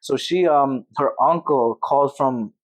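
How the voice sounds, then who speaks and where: A young man hosting a podcast in a casual chat, animated and laughing often, calling his guest bro. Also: medium pitch, measured pace, no room sound, rough recording. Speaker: podcast host.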